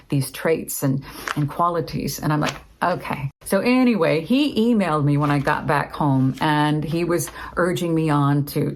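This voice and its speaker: A woman's voice: sits low, slight background noise, rough recording. A middle-aged woman casually telling a personal story, acting out both sides of remembered conversations. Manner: lively, acts out both sides of remembered dialogue.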